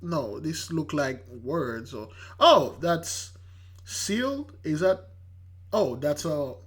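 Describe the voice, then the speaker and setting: Taking it slowly in a voice on the high side, the host of a religious channel comments casually and emphatically on a news clip. His manner is animated, and he performs the quoted voices.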